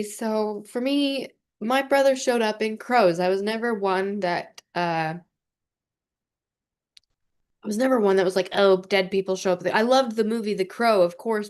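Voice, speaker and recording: A young adult woman talking gently and earnestly to camera about grief, with many fillers and restarts. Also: lowish voice. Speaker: vlogger. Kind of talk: heartfelt personal talk to camera.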